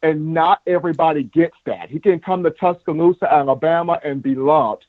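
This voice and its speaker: A man co-hosting a sports podcast, telling animated stories in casual talk and repeating words as he goes. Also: fairly high pitch, fairly quick, dry recording. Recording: muffled lo-fi dry sound.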